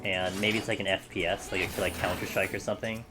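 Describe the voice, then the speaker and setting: Chatty low-voiced man streaming a game. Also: flat delivery, fast. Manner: chatty, joking, reads and answers chat, swears casually. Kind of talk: casual live-stream chat while playing. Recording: game music playing under the voice.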